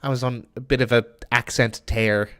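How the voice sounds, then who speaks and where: A man's voice: medium pitch, steady tone, moderate pace, a bit bright. A man streaming a game, chatting with viewers and cursing casually in a put-on British accent. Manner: chatty, swears often, answers chat while playing. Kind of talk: casual gameplay commentary.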